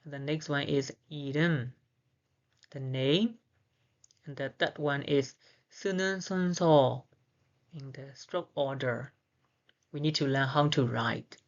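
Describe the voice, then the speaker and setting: Slow, low-voiced woman teacher. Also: muffled recording. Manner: repeats each sound slowly, switching between Korean and English. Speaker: Korean language teacher. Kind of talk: slow, careful beginner lesson.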